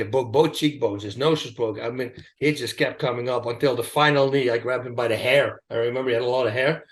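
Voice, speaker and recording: A man in an interview, telling stories in a lively, emphatic, casual way. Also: mid-range voice. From Netherlands. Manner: animated, emphatic storytelling with asides. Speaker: interview guest, retired fighter. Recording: echoey room.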